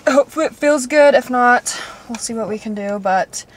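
A young woman talking casually to her vlog audience, chatty and excitable, rambling from one plan to the next. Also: on the high side, moderate pace. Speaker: vlogger.

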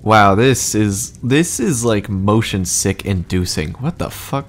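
Chatty low-voiced male streamer. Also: expressive, slow. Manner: chatty, swears, reacts aloud. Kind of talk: casual gameplay commentary.

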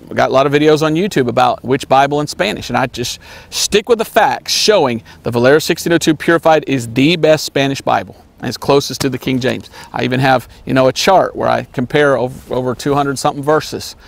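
A man preaching an earnest sermon, repeating his points and sometimes mocking name-callers in a high voice. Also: a little fast, creaky. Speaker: evangelist preacher.

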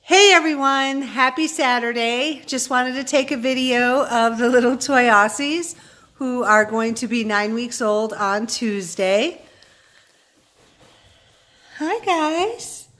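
A woman with a notably high voice speaks at an unhurried, gentle pace in a casual vlog. She moves between high sing-song calls and soft, murmured praise. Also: steady tone. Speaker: dog breeder. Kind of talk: casual vlog talk to camera.

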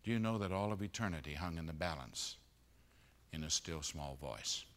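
A man preaching a sermon at a conference, moving between loud emphatic peaks and hushed low passages. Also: animated, normal speed. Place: conference auditorium.

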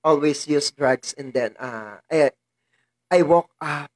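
A Filipino-accented woman vlogging in casual chat, tearful and emotional, talking haltingly and laughing through her tears. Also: sits low, a little mellow, no room sound.

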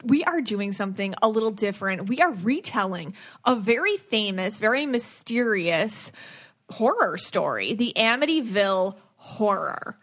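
A woman's voice: mid-range voice, sing-song, moderate pace, fairly bright tone. A woman hosting a podcast in casual chat, playful and chatty, laughing often. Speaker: podcast host.

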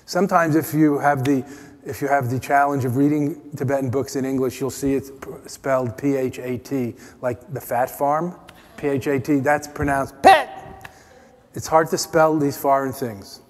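A man's voice: medium pitch, fairly even intonation, moderate pace. American man teaching in a reverberant hall. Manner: playful, teasing, drops to soft quiet tones. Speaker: meditation teacher. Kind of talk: dharma talk at a retreat. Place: retreat meeting hall.

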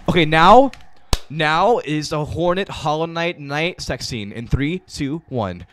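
A young man rambling and yelling crude jokes while streaming a game. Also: a little high, animated, takes it slowly, soft background music. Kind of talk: gameplay commentary.

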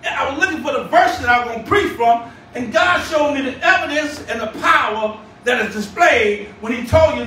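Man, shouted sermon, bright tone, faint room ambience. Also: extremely high pitch, a little hiss or hum. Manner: shouting, call-and-response preaching. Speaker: bishop. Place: church sanctuary. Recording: echoey church room, distant mic.

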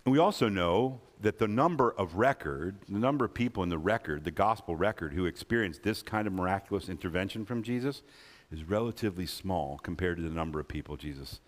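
A man's voice: sits low, expressive, fairly quick. A man preaching a sermon as a guest speaker, emphatic and repetitive, acting out the gospel characters' words as he goes. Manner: emphatic, repeats key phrases, voices the gospel characters. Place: church sanctuary. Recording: long hall reverb.

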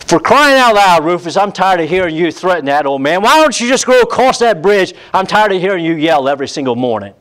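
Man doing a high, shrill voice, nagging old country wife, fed-up scolding. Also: big pitch swings, brisk, few pauses, a bit bright, rough recording. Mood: exasperated.

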